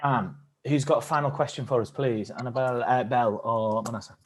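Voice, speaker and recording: A man's voice: mid-range voice, fairly quick, background noise. A man from England co-leading a live-streamed acting workshop, speaking thoughtfully with some hesitant restarts. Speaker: workshop leader.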